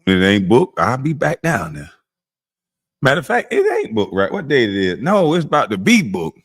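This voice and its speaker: A man hosting a casual livestream, roasting chat and trash-talking, his voice jumping high when he heckles and dropping low when he calms down. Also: husky. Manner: slow and low when calming down. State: smoking while talking. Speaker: livestream host.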